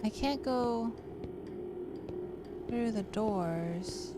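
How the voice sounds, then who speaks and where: A woman streaming a video game live, reacting with frustration, swearing and shouting in bursts. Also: a little high, very slow, loud music behind the voice. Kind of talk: live gaming stream commentary.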